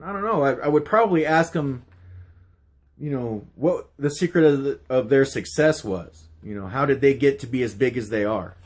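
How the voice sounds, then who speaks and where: A man's voice: mid-range voice, normal speed. Rambling middle-aged man telling stories. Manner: rambling, many uh fillers and restarts. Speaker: YouTuber answering a question tag. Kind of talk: casual storytelling vlog.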